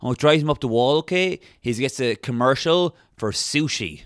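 A man retelling a film plot in a casual comedic chat, animated and quick to slip into put-on voices. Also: mid-range voice, no room sound, studio quality.

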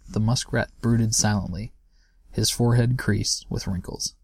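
Young male reader, calm storybook narration, low and a bit gravelly. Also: unhurried, no echo, clean studio sound. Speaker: audiobook reader and host. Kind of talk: reading a children's book aloud.

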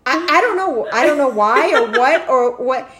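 A middle-aged woman tells a wild story in a bright, high voice that swoops up and down as she laughs through it. She swears freely and talks in a casual, animated way. The sound is echoey, as if recorded in a room. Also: normal speed. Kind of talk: casual anecdote.

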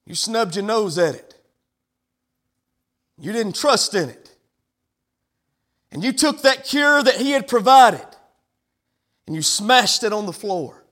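Man, pastor, sermon, very high voice, emphatic preaching. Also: big pitch swings, takes it slowly, pauses often, a bit bright. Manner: preaching with rising, emphatic declarations.

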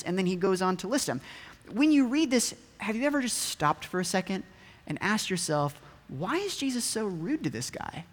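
In a church hall with echoey, long reverb, a man preaches a casual, conversational sermon, often posing rhetorical questions to his listeners. His voice sits high and sing-song, moving at a moderate pace.

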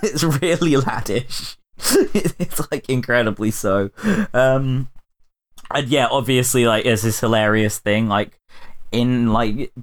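A man's voice: mid-range voice, takes it slowly. A man hosting a podcast in casual chat, rambling, swearing and laughing often. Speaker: podcast host.

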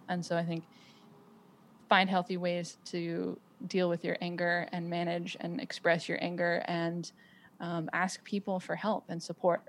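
A woman who is a parent and a podcast guest, talking reflectively in casual conversation, with lots of "um" and "like" and frequent restarts. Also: fairly low pitch. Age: adult with children.

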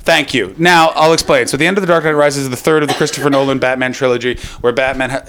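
A young man performing stand-up comedy, ranting in a profane, animated way. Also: mid-range voice, fast, slight background noise.

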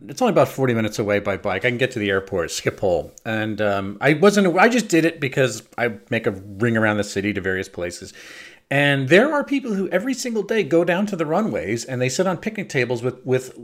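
A man's voice: medium pitch, fairly quick. A man co-hosting a podcast in casual chat, rambling and correcting himself as he goes. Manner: rambling, self-correcting, lively. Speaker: podcast co-host. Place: lives in Amsterdam.

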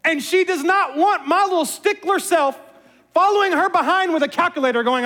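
A man, a pastor, giving a sermon as an animated, self-mocking storyteller. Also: very high-pitched, brisk. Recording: long reverb of a large hall.

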